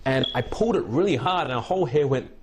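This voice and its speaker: A man's voice: mid-range voice, expressive, fast talker, background noise. A young man coaching on dating, telling a long anecdote in a casual, rambling way with many restarts. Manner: rambling, with frequent restarts and repeated words. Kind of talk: casual storytelling and advice.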